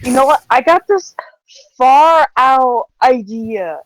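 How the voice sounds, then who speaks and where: A woman's voice: high voice, animated, slow, no echo, poor audio. A woman voicing a drunk, friendly woman who talks like a seventies hippie, rambling and slurring during a tabletop role-play game. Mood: tipsy, earnest.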